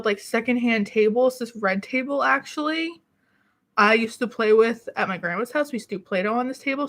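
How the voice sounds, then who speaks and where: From a small city apartment alcove, a beauty YouTuber talks casually on her home vlog, rambling and self-deprecating, a bit winded and coughing at times. Her voice is on the high side with a fairly bright tone.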